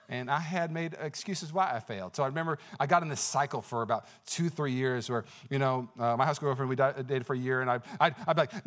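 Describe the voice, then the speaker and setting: Male pastor, quick, high voice, energetic storytelling sermon. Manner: energetic, personal storytelling with exclamations; conversational with many fillers and restarts.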